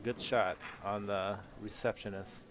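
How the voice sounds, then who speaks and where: A man's voice: fairly low pitch, fairly even intonation, unhurried, noisy background. A young man co-commentating a pool match on a casual live stream, joking with his partner and chatting to viewers between shots. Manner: joking, laughs often, chats with viewers.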